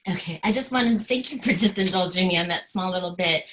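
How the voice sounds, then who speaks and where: A woman, a writer and professor, giving an informal webinar presentation in a soft, hesitant way with many filler ums. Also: lowish voice, quick pace, slight background noise, poor audio.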